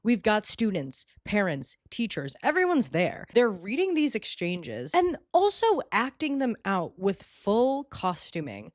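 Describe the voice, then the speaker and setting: A young woman recapping a movie in casual vlog commentary, animated, sarcastic and exasperated. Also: mid-range voice, unhurried, few pauses, no echo, clean studio sound. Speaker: vlogger.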